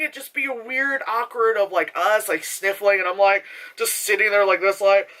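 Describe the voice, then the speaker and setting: A young woman talks through a movie review in a loose, chatty ramble, her voice bright and sharp. She piles on filler words, swears without a second thought and laughs often between thoughts. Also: medium pitch, fairly even intonation, normal speed.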